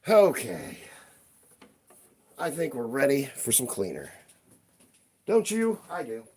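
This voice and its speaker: Live-stream host, male, playful and chatty with viewers; unhurried delivery with a very lively pitch. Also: breathy edge. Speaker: livestream host. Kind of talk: casual live-stream chat while cleaning toys. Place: room at home by a toy shelf.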